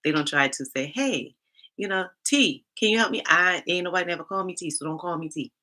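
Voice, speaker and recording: Casting: a middle-aged Southern woman livestream host, Charleston accent, bright tense lower voice, sassy and animated. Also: brisk. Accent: Southern US Black vernacular, Charleston Geechee. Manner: animated, sassy, talks back to chat comments. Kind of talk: casual livestream chat with viewers.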